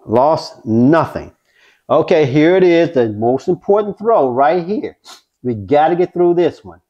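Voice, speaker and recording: Guy rolling dice at home and calling every throw, kinda high voice, pumped. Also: unhurried, lo-fi sound. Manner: excited, talks folks through each throw. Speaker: dice-control craps vlogger. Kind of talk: casual play-by-play while throwing dice.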